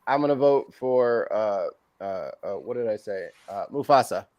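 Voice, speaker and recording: A man hosting a casual group chat, animated and quick to laugh, often restarting his phrases. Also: fairly low pitch. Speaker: podcast host.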